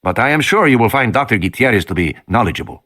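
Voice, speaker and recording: A man's voice: medium pitch, expressive, fast talker, a bit bright. A man voicing a formal, careful male doctor. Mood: measured. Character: calm male Costa Rican doctor, formal.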